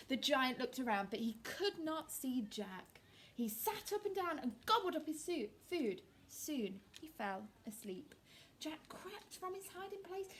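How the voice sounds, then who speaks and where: A woman, an early years teacher, reading a fairy tale aloud and teaching young children in an animated, expressive, encouraging way. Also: high voice, unhurried, slight background noise.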